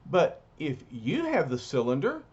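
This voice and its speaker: A man's voice: fairly high pitch, wildly swooping pitch, measured pace, darkish tone, a little hiss or hum. A man voicing a boastful, joking giant male superhero, in a dull lo-fi recording. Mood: wisecracking. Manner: wisecracking.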